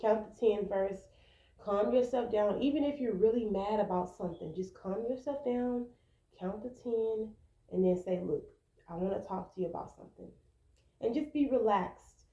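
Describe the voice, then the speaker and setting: A woman's voice: mid-range voice, normal speed, warm tone, echoey room, rough recording. A woman vlogger talking to camera, giving earnest relationship advice and acting out quoted arguments. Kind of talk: casual advice talk to camera.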